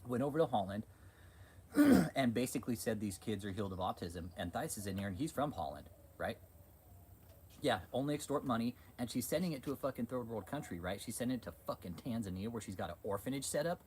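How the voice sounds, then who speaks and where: A man's voice: mid-range voice, lively intonation, fast talker, a little mellow, slight background noise. A man hosting a livestream, ranting in a heated, profane, repetitive way. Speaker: channel host.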